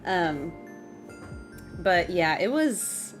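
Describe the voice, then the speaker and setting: A young adult woman streaming to her chat, telling a story in an exasperated, animated rant and laughing as she vents. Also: lowish voice, very slow, soft background music.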